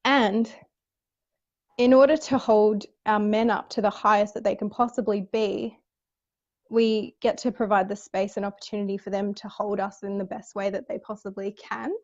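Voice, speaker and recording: A woman's voice: medium pitch, level tone, moderate pace, dull audio. A woman hosting a casual spiritual chat, talking earnestly with casual swearing and frequent restarts. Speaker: host.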